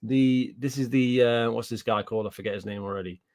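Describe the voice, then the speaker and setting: A man's voice: medium pitch, fairly even intonation, brisk, darkish tone. Profane British man ranting about games. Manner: ranting, profane, repeats himself, answers live chat. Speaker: gaming commentator. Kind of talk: casual reaction commentary.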